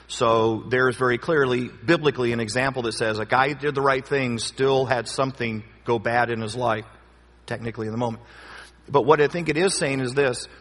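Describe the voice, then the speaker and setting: A man's voice: mid-range voice, fairly bright tone. A man leading a Bible study question time as pastor, talking in a conversational, joking and emphatic way. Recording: long hall reverb.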